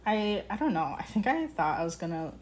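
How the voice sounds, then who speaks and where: A young woman livestreams from her ceramics studio, half-distracted by the clay as she chats casually, full of fillers and self-corrections. Her mid-range voice is sing-song and fairly quick, with a little hiss or hum in the recording.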